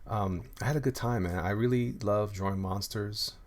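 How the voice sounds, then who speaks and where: This comics creator has a lowish voice and keeps a moderate pace. Showing off his art on a livestream, he wanders through casual, friendly chatter full of fillers and false starts, reading viewer comments as he goes.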